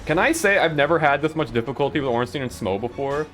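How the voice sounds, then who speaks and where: A man's voice: on the high side, animated, fast talker, over music. A man streaming a game and telling rambling school stories in a casual way, with a lot of "like" and frequent laughs. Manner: rambling, laughs often, lots of "like". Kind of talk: casual storytelling while gaming.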